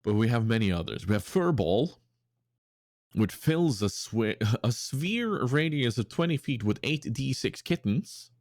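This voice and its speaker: A man co-hosts a podcast in casual chat, reading out listener submissions in a mid-range voice that is very animated yet a little slow. He rambles with many fillers and restarts and breaks into silly voices, captured in clean studio sound with no echo.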